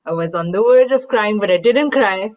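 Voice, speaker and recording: A woman's voice: mid-range voice, moderate pace. Woman participant, hesitant and candid, many fillers, somewhat muffled audio. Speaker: workshop participant. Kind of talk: personal anecdote in a group.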